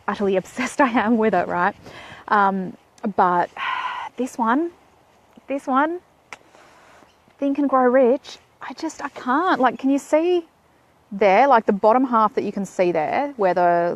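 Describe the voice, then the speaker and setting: A woman's voice: medium pitch, normal speed. An Australian woman in her thirties, chatting playfully on a Facebook live stream while she walks outdoors, talking into a phone held at arm's length. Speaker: vlogger. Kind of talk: casual Facebook live chat. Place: outdoors in shade.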